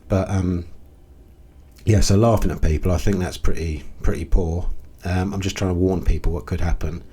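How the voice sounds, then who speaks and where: A man's voice: low voice, steady tone, moderate pace, warm tone, a little hiss or hum. A man hosting a casual commentary video, talking in a blunt, exasperated way with frequent ums and restarts. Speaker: crypto video host.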